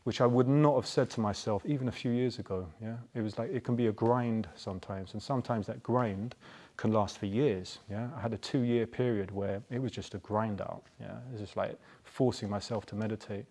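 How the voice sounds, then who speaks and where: A man's voice: on the low side, fairly even intonation, a little fast, mellow, breathy edge. A man in his forties casually telling personal stories in a chatty, rambling way, often tagging his points with a questioning "yeah?". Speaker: Buddhist practitioner.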